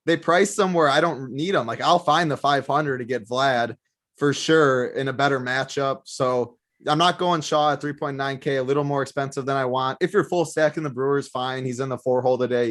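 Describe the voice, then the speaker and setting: A man giving fantasy sports picks in casual talk, matter-of-fact and brisk. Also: mid-range voice, fairly bright tone.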